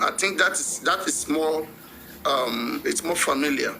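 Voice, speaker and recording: A man's voice: a little high, unhurried, sharp tone, slight background noise, poor audio. A man with a Nigerian accent hosting a gossip show, chatting casually and mixing Pidgin into his English. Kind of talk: casual commentary.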